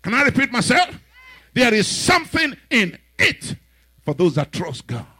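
A man preaching a sermon who retells scenes dramatically and rises to shouts. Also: very high-pitched, huge pitch swings, normal speed, husky, dry recording. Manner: dramatic storytelling, acting out characters, shouting peaks.

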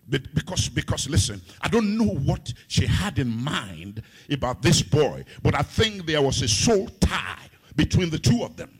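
A middle-aged man from Africa preaching a sermon as pastor, swinging between loud sung-out phrases and hushed, low asides. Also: big pitch swings, moderate pace, hardly any pauses, breathy edge.

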